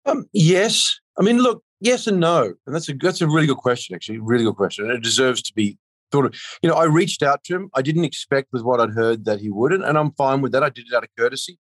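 A man's voice: mid-range voice, lively intonation, fast, no echo. A man being interviewed as an actor, rambling in casual chat with many restarts and filler phrases. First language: not a native of the country he is speaking about.

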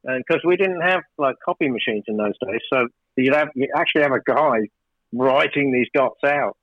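A man, a record producer, telling a long studio story in a casual interview, rambling with many fillers and restarts and growing animated and emphatic. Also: medium pitch, normal speed, dry recording, muffled recording.

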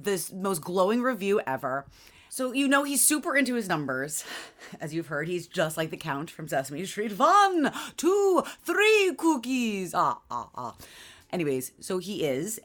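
Woman co-host, lowish voice, rambling casual storyteller full of "like". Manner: rambling storyteller, lots of fillers and laughs. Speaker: podcast co-host. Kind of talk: casual chat.

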